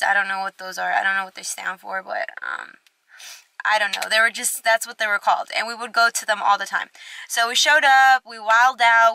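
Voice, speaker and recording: A woman's voice: a little high, pushed and bright, clear, resonant tone. A young woman telling a casual storytime, chatty and candid, full of "like". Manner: chatty, fillers of "like", candid and blunt. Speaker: vlogger.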